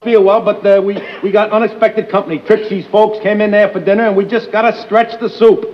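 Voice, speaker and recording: An actor playing a sarcastic, blustering middle-aged tenant in a 1950s TV sitcom, with mocking, theatrical sarcasm. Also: male voice, sits high, little pitch movement, brisk, lo-fi sound, noisy background, lightly acted. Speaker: sitcom character.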